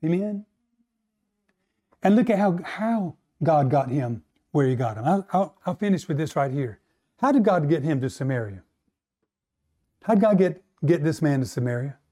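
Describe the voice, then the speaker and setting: A man preaching a sermon who asks his listeners for responses, acts out quoted voices, and slows down, climbing higher and louder to stress a point. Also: expressive. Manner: rising to a higher, louder pitch to stress points, slowing on key lines. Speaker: pastor.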